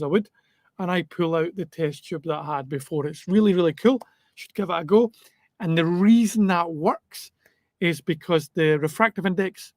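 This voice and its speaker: A man's voice: fairly high pitch, no echo, clean studio sound. A man teaching a live online physics lesson in a chatty way, with jokes and asides to his students.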